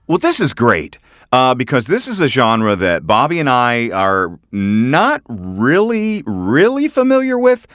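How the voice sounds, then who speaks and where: A man co-hosting a podcast, excitable and jokey, laughing easily. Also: mid-range voice, takes it slowly, no echo, clean studio sound. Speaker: podcast co-host. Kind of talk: casual podcast chat.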